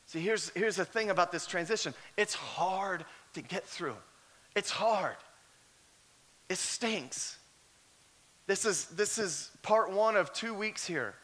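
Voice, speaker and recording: Guy preaching a sermon, high pitched, repeats himself, animated stories. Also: slow pace. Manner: animated storyteller who often repeats words. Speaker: pastor.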